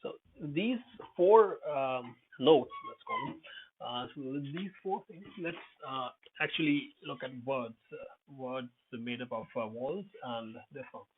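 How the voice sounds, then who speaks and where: A man's voice: medium pitch, wildly swooping pitch, measured pace, a little hiss or hum. A man teaching English pronunciation in an unscripted lesson, hesitant, with many fillers and self-corrections. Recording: tinny phone-like audio.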